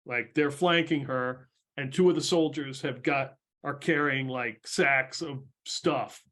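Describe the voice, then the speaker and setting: A man's voice: medium pitch, takes it slowly, a bit bright. A man narrating a tabletop game as game master, describing scenes in a rambling, hesitant way.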